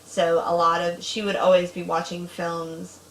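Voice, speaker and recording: A woman in her thirties hosting a casual chat, talking in a chatty, animated way with sudden loud bursts. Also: lowish voice, measured pace, a little hiss or hum. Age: 30s. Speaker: host. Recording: echoey room.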